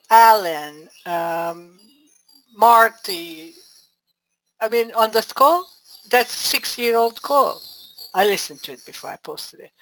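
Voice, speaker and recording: A woman's voice: on the high side, fairly bright tone, dry recording, rough recording. A woman coaching a group on a call, blunt and emphatic, laughing often. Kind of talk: casual group coaching talk.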